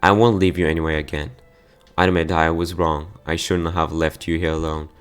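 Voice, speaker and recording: A man's voice: a bass voice, steady tone, fairly quick, clean tone, faint music behind. A man reading a visual novel aloud, voicing a young man who reassures his crying friend. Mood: reassuring.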